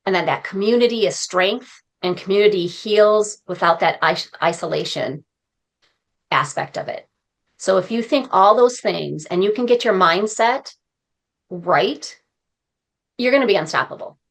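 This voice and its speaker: A woman's voice: medium pitch, expressive, a little slow. Earnest woman guest, heartfelt and encouraging. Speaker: podcast guest, speaker and coach. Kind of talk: conversational interview.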